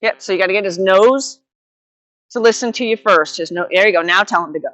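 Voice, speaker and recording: A woman horsemanship instructor coaching a student live, giving steady directions and quick repeated praise. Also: mid-range voice, no room sound, muffled recording.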